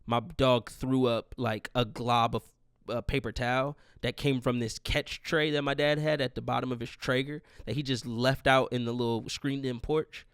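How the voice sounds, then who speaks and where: A man's voice: medium pitch, fairly even intonation, moderate pace, a bit bright, smooth, no echo, clean studio sound. A young man hosting his podcast alone, in a profane, rambling rant. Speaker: podcast host. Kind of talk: casual solo monologue.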